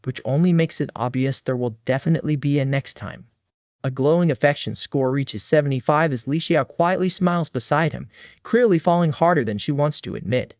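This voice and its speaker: Male recap narrator, wry scripted read, voice a bit high, dry close mic. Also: dry recording.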